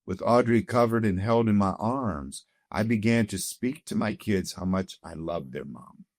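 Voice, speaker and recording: A man with a somewhat low voice shares his personal testimony as a guest. He tells it earnestly and from the heart. The recording is close and dry. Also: unhurried, darkish tone, no room sound. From Canada. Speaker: guest sharing his story.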